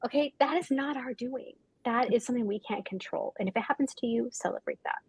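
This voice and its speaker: A young woman author on a panel, talking in an effusive, gushing way with quick quoted asides. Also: fairly high pitch, a little mellow, breathy edge, no room sound, poor audio. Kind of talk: casual panel chat.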